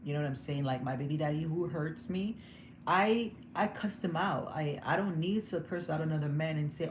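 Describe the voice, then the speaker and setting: A young woman talks candidly to her viewers, emotional and quick to laugh. Her voice sits a little low. The phone recording is roomy and echoey, with a steady noise under it. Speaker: vlogger. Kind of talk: casual livestream chat. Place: home room. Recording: echoey room with background noise.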